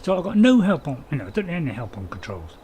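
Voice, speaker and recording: Chatty man with lively pitch. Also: fast talker, a little hiss or hum. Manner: rambling, chatty, apologetic, chuckles often. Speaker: gaming channel host. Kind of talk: casual let's-play commentary, chatting with viewers.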